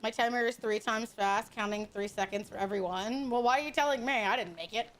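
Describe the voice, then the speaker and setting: A woman's voice: a little high, fast talker. A woman streaming a game, chatting casually with her viewers in crude, teasing banter and laughing often. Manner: frequent laughter.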